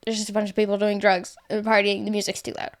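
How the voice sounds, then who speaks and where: A woman's voice: medium pitch, monotone, fast. A woman recounting a story in an easygoing chat. She rambles, doubles back and corrects herself with plenty of fillers. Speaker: guest author. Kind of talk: casual storytelling.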